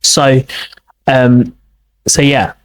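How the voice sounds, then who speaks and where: A man hosting an English podcast lesson, explaining slowly and repeating words to model their pronunciation. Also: medium pitch, flat delivery, low-quality recording. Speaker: English teacher, podcast host. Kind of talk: accent lesson commentary.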